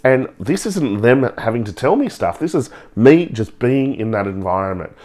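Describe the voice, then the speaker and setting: A man, telling a personal story in a lively way and acting out the people in it. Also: medium pitch, normal speed. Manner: animated, acts out the people in his story with laughs. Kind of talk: storytelling talk.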